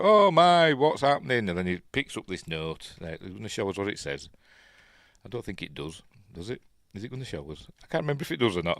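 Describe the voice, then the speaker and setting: A man's voice: low-pitched, no room sound, studio quality. A man with a Yorkshire accent casually commentating on an old film as he watches, rambling and chatty with lots of fillers. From Yorkshire, England. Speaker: film review host.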